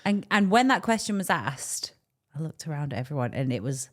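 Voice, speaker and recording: A young English woman with an English accent co-hosting a casual podcast, chatty and animated, with quick asides and laughter. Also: deep voice. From England. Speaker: podcast co-host. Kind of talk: casual chat.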